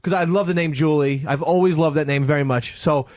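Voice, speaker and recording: A man's voice: on the high side, steady tone, fairly quick, darkish tone, no room sound. A man chatting on a talk radio show, earnest and hesitant, often restarting his sentences. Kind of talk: casual talk radio banter.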